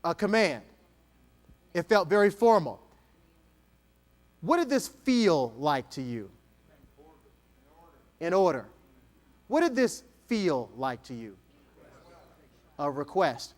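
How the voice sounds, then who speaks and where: A man's voice: on the high side, very animated, slow pace, pauses often. A man giving an interactive keynote talk on stage before an audience, energetically coaching a volunteer. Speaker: keynote speaker.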